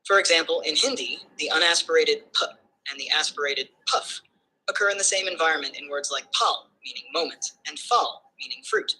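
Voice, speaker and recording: A synthetic assistant voice explaining phonetics like a patient tutor. The tone is bright and forward, with an airy, breathy edge. It lays out each point in calm, orderly steps and ends by checking for understanding. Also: mid-range voice, brisk, poor audio. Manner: calm, structured explanations ending with a comprehension check.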